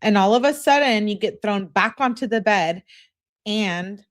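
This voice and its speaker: Woman reading aloud as a domineering male role-play persona, flat reading voice, mid pitch. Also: a little slow, lightly acted. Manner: read aloud flatly.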